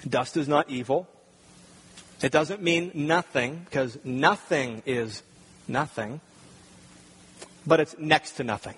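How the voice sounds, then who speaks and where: A man's voice: on the high side, slow pace, pauses often, a bit bright, slightly rough. A man preaching a sermon, earnest and building to emphatic points. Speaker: pastor.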